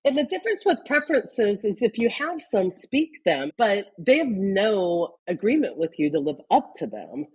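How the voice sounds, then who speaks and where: A woman guest on a podcast interview who talks in animated, example-driven stories. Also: medium pitch, normal speed, few pauses, husky. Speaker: guest, leadership consultant.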